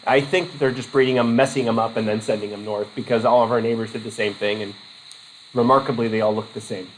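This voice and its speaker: A man's voice: mid-range voice, steady tone, quick pace, slight background noise, poor audio. A man from Vermont giving a casual college lecture, rambling with jokey asides.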